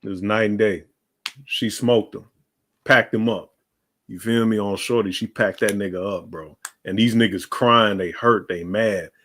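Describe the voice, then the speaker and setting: A man's voice: lowish voice, fairly even intonation, measured pace, a bit bright. Blunt, profane man ranting on a stream. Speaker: livestream host. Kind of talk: heated casual rant.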